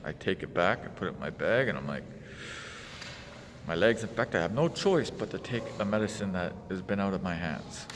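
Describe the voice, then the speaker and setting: A man's voice: low voice, big pitch swings, brisk, long reverb tail, a little hiss or hum. A man telling an exasperated, casual story in his vlog. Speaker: vlogger.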